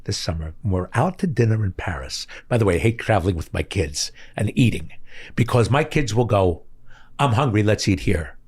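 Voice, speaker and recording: Animated, expressive male storyteller. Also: lowish voice, fairly quick, husky, dry recording. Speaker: guest, character actor. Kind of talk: casual podcast interview.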